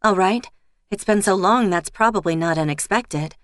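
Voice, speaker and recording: A woman's voice: mid-range voice, moderate pace, no echo, studio quality, lightly acted. A woman doing a blunt American pub owner. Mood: direct.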